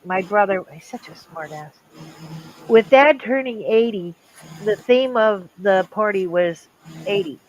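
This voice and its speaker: Older woman telling a lively family story. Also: medium pitch, muffled recording, slight background noise. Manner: animated, acts out quoted voices. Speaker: livestream host. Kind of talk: casual storytelling.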